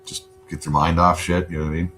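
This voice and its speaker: A very deep-voiced man talks on his home livestream in a loose, rambling way, with swear words dropped all through. Under his voice runs a faint steady hum. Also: fast talker. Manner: laid-back, rambling, swears a lot. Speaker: livestream host. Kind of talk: casual chat.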